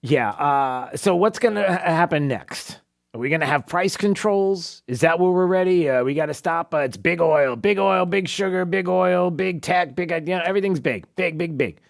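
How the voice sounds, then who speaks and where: A man's voice: on the high side, moderate pace, vocal fry. A man hosting a talk radio show, giving mocking, opinionated commentary with frequent laughs and filler words. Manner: sarcastic, mocking, laughs often; many fillers and restarts.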